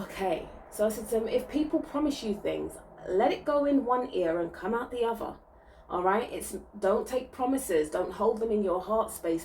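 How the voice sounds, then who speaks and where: A soothing woman gives an intuitive spiritual reading, often checking in with her listeners. She talks at a middling pitch, a little off the microphone, with a faint hiss in the background. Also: distant mic. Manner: soothing, reassuring, frequent "okay?" check-ins. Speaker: spiritual reader.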